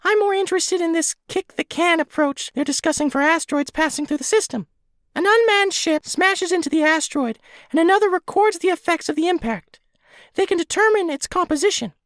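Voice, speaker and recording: A man voicing a small, eager male alien tutor creature with a squeaky, helium-balloon voice. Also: a little fast, a bit bright, no echo, clean studio sound. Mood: excited.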